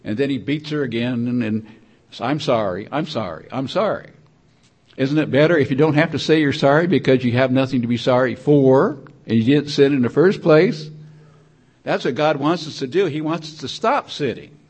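Older male preacher, mid pitch, loose rambling sermon delivery with restarts. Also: brisk, darkish tone, slightly rough. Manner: rambling, repetitive, conversational preaching with frequent restarts.

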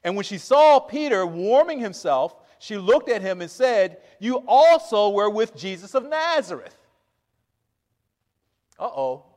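Animated high-voiced preacher in a hall. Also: male voice, measured pace. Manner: animated, acts out quoted lines with laughs. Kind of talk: sermon.

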